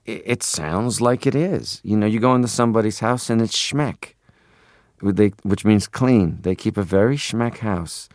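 A man's voice: lowish voice, moderate pace, a little mellow, no room sound, studio quality. A man in his forties from Canada, a radio interview guest who talks in a playful, rambling way and keeps slipping into voices. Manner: playful, rambling, drops into voices and foreign phrases.

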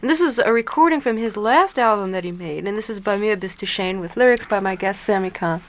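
Woman interviewer, polite and measured. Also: medium pitch. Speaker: radio interviewer. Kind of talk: interview questions.

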